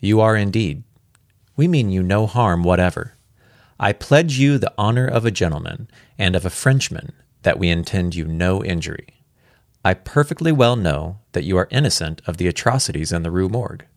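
A man reading aloud the lines of a shrewd, composed French gentleman detective in a storybook reading, measured and courteous. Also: sits low, expressive, no room sound, studio quality. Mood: reassuring.

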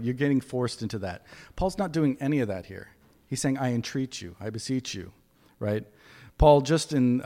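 A man's voice: medium pitch, warm tone, in a large hall. A man giving a conversational sermon with folksy asides as preacher.

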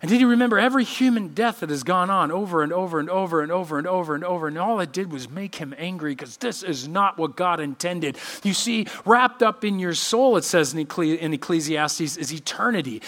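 Bright, lively-voiced male preacher. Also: high voice, fairly quick, few pauses. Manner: expressive preaching, acting out quoted voices. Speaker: pastor. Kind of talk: sermon. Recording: church podcast sermon.

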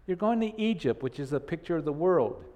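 A man's voice: fairly high pitch, animated, brisk, warm tone. A man preaching a sermon in earnest, repeating phrases and voicing the doubts of his listeners. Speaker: pastor. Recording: long hall reverb.

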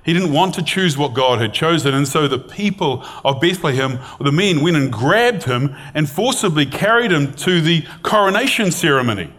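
A man's voice: on the high side, lively intonation, normal speed, few pauses, a bit bright. A middle-aged man preaching a sermon, retelling a scripture story in a conversational, storytelling way and reading passages aloud.

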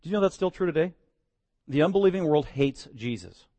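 Man, pastor, sermon, emphatic preaching, loud declarations and quiet asides, slightly high voice, dry close sound. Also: animated, a little fast, dry recording. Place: church.

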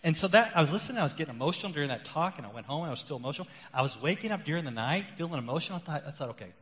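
A middle-aged male pastor preaching a sermon, rising loud and emphatic on key points, then dropping quiet and confessional. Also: a little high, expressive, racing. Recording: long hall reverb.

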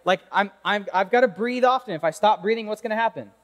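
Male youth pastor, high voice, lively and conversational sermon, lots of rhetorical questions, big echoing hall. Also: fast.

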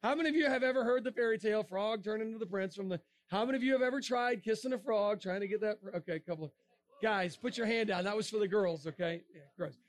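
A middle-aged man giving a lively creationist talk to a young audience, joking and asking the crowd questions. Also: high voice, quick pace. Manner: animated, asks the crowd questions, jokes. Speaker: creationist speaker.

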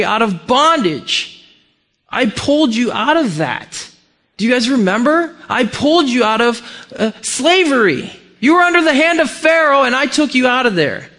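Guy preaching a sermon, high voice, lively and chatty, keeps asking the crowd stuff. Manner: animated, conversational preaching with rhetorical questions. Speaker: pastor; parent.

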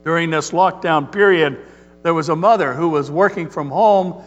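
Pastor, male, high voice, earnest measured sermon delivery, hall reverb. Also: muffled recording. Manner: storytelling, earnest and measured preaching.

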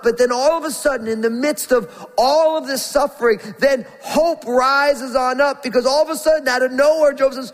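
A man preaching a sermon with passion, his voice climbing as he reads Scripture and dropping soft for questions to the congregation. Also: extremely high pitch, steady tone, moderate pace, few pauses, long reverb tail, rough recording. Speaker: pastor.

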